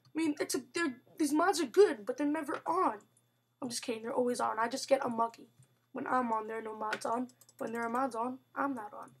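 High-voiced excitable girl gaming. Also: a little hiss or hum. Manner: chatty and excitable, with sudden outbursts and mock growls. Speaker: gamer narrating gameplay. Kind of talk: casual let's-play commentary.

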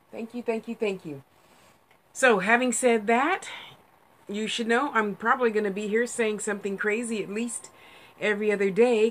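A woman's voice: fairly low pitch, a bit bright, slight background noise. A woman hosts a casual psychic livestream. She talks in a rambling, effusive way and laughs often, gushing over her viewers as she chats. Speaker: psychic medium livestream host.

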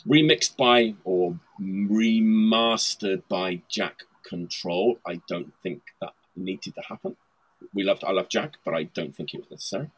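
A man's voice: low-pitched, a little slow, slightly rough. A man hosting a casual video-call chat about punk records, rambling and enthusiastic with frequent laughs. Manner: laughs often, rambling and enthusiastic with many fillers. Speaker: host presenting vinyl record picks.

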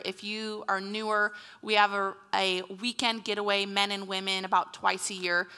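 A woman's voice: on the high side, sharp tone. A woman pastor in her thirties preaching a conversational sermon in a church, often acting out the voices of the people she quotes. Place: church sanctuary. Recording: long hall reverb.

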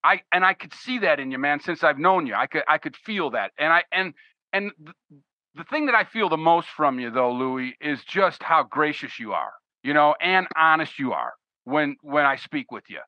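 Chill podcast host guy, bright tense voice, dry muffled sound. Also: a little high, very animated, normal speed, no echo. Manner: laid-back, affirming, says "man" often. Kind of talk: casual interview chat. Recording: dry, dull lo-fi podcast audio.

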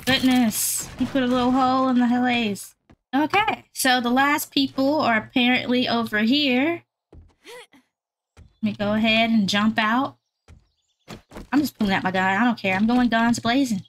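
Casual gamer woman talking to her viewers, higher voice, bit of background noise, gets hyped in fights. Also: moderate pace. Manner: chatty, talks to viewers, excitable when fighting. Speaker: gaming YouTuber. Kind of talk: casual gameplay commentary.

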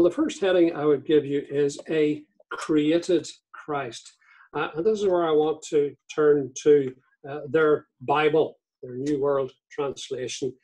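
A man delivering a teaching sermon in a church, measured and deliberate, reading quotations aloud. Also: fairly high pitch, a little mellow, husky, rough recording. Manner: measured, reads court transcript and scripture aloud. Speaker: visiting speaker on cults.

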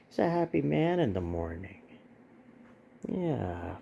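A man talks slowly and gently to his cat, his voice hoarse and froggy from allergies. There is a gravelly fry underneath, and the tone is mellow and dark. He coos affectionately, filming casually. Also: medium pitch, very animated, dull audio, a little hiss or hum.

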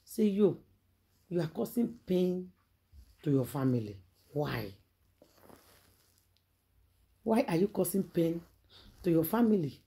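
Nigerian accent gossip vlogger, warm mellow voice, preachy dramatic storytelling, lots of rhetorical questions. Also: mid-range voice, lively intonation, unhurried, vocal fry, pauses often.

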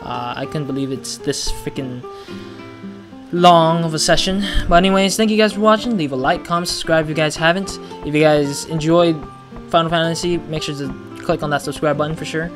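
A man's voice: on the high side, a little fast. A man hosting a let's play, chatting casually about the game and rambling with jokes. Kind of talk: casual gameplay commentary. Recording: game music playing behind.

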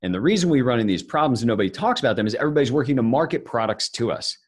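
A man's voice: mid-range voice, expressive, very fast, breathy edge. A man giving a live financial seminar, talking conversationally and joking with the audience. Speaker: financial speaker presenting to an audience.

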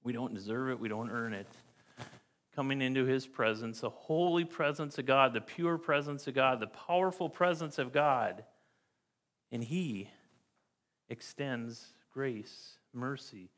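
A man's voice: medium pitch, a little slow, a bit bright. A man preaching as a pastor, reading scripture aloud and stressing key words again and again in an earnest, emphatic way. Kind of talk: sermon. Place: church.

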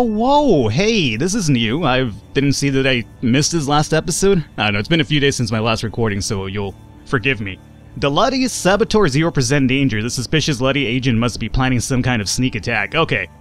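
A man's voice: mid-range voice, a bit bright. A man hosting a let's play, giving loose, rambling commentary and correcting himself as he goes. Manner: rambling, self-correcting, swears casually. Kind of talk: casual gameplay commentary.

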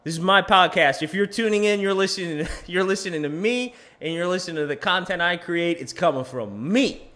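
A man's voice: high-pitched, lively intonation, a little fast, bright, forceful tone. A man hosting his own podcast in a rambling, self-deprecating, chatty monologue. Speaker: podcast host.

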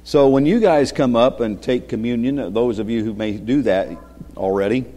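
A man giving a children's sermon as pastor, speaking gently, asking the kids questions and chuckling often. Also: mid-range voice, normal speed. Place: church sanctuary. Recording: long reverb of a church sanctuary.

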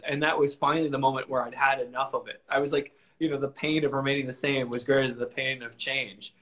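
A man's voice: mid-range voice, steady tone, brisk, a bit bright. A man hosting a casual chat, enthusiastic and affirming as he listens and shares his own stories. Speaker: host and musician. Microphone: video call.

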